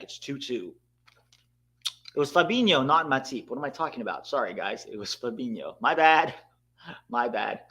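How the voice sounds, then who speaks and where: A man at medium pitch hosts a live broadcast of a match viewing. He talks casually and reacts loudly to decisive moments. He keeps addressing the viewers in the chat. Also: normal speed, pauses often. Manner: excitable, bursts out at big moments, talks to chat. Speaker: host of a live watchalong.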